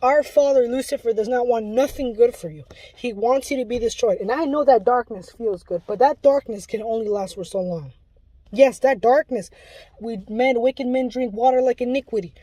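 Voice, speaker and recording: Pleading woman with a mellow voice. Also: a little high, normal speed, dry recording, poor audio. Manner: pleading and urgent, with frequent restarts. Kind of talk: impassioned religious warning monologue.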